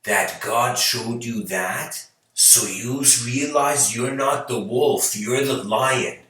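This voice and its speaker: A man doing a calm wise priest. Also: mid-range voice, takes it slowly. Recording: echoey room, far from mic.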